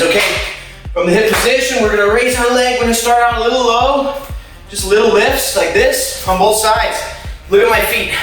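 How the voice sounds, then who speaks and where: A man's voice: sits high, recorded from a distance. Upbeat man coaching in an echoey room. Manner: upbeat, encouraging, playful; loud counting and shouted kiai. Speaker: martial arts instructor. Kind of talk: at-home workout class, counting reps. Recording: very echoey room, voice away from the mic, faint music.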